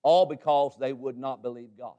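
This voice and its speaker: A man preaching a sermon, fervent and exhorting, who swings from loud urging to quiet asides and keeps saying amen. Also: mid-range voice, fairly even intonation, moderate pace, muffled recording.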